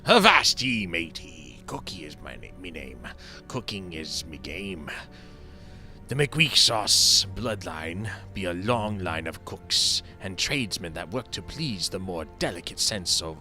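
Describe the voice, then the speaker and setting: A man's voice: low voice, lively intonation, bright, forceful tone, faint music behind, full character voice. A man voicing a reformed old male pirate ship's cook in a put-on pirate accent, drawing out his words, as he reads game dialogue aloud. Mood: hearty. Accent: put-on pirate talk. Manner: hearty, drawn-out pirate delivery.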